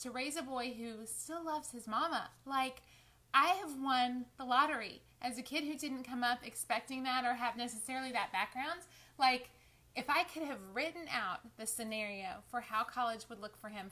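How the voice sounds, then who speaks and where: A woman, chatting on a live stream and fighting back tears. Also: fairly high pitch. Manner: warm, chatty, emotional, addresses viewers as y'all. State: close to tears. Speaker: lifestyle vlogger. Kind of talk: casual live-stream chat.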